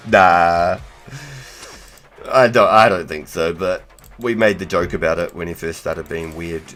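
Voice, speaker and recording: A man's voice: deep voice, measured pace, fairly bright tone, faint music behind. A young man with a New Zealand accent, chatting casually and slangily to viewers on a game live stream, swearing freely.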